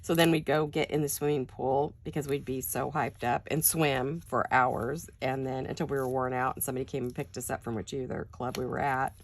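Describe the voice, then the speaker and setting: An older woman speaks in a deep, raspy, gravelly voice, quiet and friendly, as if it is early morning. She chats casually to her viewers while crafting in her home studio, and a faint hiss sits under the recording. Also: steady tone, fairly quick, hardly any pauses. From California. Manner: quiet, chatty, addresses viewers directly. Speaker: crafting channel host.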